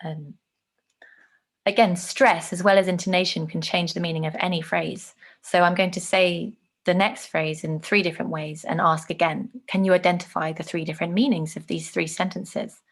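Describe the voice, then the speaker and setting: A woman teaching an online lesson on speech delivery, clearly demonstrating phrases with changing intonation. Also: fairly low pitch, fairly even intonation, moderate pace.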